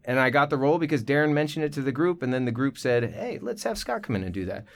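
A man's voice: mid-range voice, fast, creaky. A man guesting on a podcast about voice acting, telling anecdotes in casual chat and acting out quotes in different voices. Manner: animated storyteller, acts out quotes in voices. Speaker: guest voice actor.

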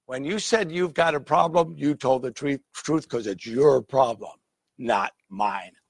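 A preacher doing a grumpy neighbor woken from bed. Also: male voice, medium pitch, a little slow, dry recording, studio quality. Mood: grumbling. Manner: gruff, dismissive.

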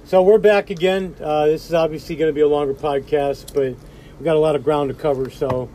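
Mellow laid-back podcast man. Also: on the high side, fairly even intonation, brisk, a little hiss or hum. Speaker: podcast co-host. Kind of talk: casual chat.

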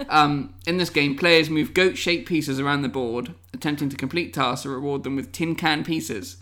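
A man's voice: a little high, steady tone, normal speed, a bit bright. A man co-hosting a casual chat, playfully reading out game descriptions and laughing often. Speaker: podcast co-host presenting a guessing game.

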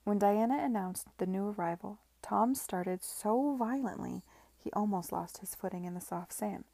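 A woman reading a novel aloud with measured, expressive storytelling. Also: mid-range voice, creaky, no room sound. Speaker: reader.

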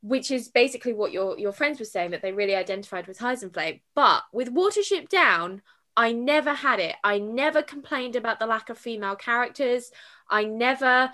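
A woman's voice: on the high side, fairly bright tone. A woman chatting about a film, emotional and tearful, laughing through her words. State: crying. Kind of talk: casual film discussion.

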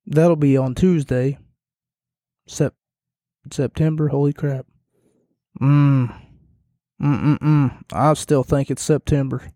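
A man hosting a casual solo podcast, talking in a monotone while losing his voice and sounding hoarse. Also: on the high side, dry recording, clean studio sound. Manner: monotone delivery. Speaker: podcast host.

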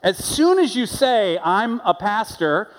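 In a church sanctuary with a long reverb tail, a pastor with a high voice preaches slowly. His sermon unfolds as conversational storytelling, and he acts out the voices of the characters.

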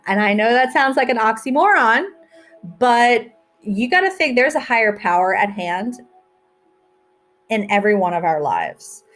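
A woman's voice: a little high, expressive, moderate pace, fairly bright tone, soft background music. A woman hosting her own podcast, talking in a chatty, rambling way and poking fun at herself as she goes. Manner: chatty, rambling, self-mocking. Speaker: podcast host. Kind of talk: casual solo podcast chat.

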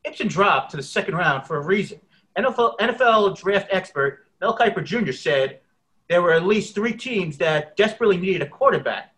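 A man reading the part of a male sports reporter in a casual script read, halting and restarting often. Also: high-pitched, lively intonation, fairly bright tone, poor audio. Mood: pressing.

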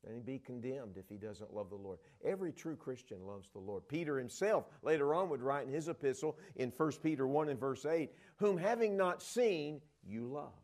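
A man's voice: medium pitch, expressive, normal speed, hardly any pauses, a little mellow. A middle-aged man from the Dallas area preaching a sermon, retelling Bible scenes and acting out the voices of the disciples. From Dallas area, Texas.

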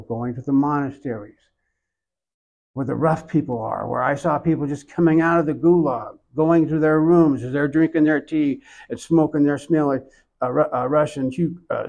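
An older man from Oklahoma with an Oklahoman accent, telling his own story in an interview in a reflective, unhurried way with soft asides. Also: on the high side, gravelly, muffled recording.

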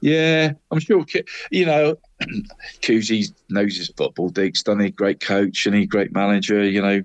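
On a local football podcast, a male co-host with a lowish voice speaks at a measured pace, recorded dry with the highs cut off. The casual football talk wanders, and "mate" and "Deeks" come up constantly.

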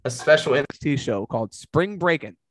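Male host, lively swings in pitch, loose and profane, dry close sound. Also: brisk, no room sound. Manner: animated, swearing, rambling with fillers. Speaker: podcast host. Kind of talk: casual recap chat.

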